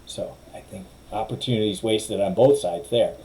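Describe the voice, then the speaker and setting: A man's voice: on the low side, moderate pace, mellow, rough recording. A middle-aged man, a lawyer, giving opinionated, wry commentary in a casual way and mimicking others' phrasing.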